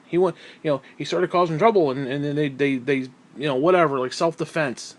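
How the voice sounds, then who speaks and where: A man's voice: a little high, expressive, moderate pace. A man delivering an angry, profane vlog rant, irritable and sighing heavily between outbursts. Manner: profane, irritable, heavy sighs. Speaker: vlogger. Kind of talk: angry ranting monologue.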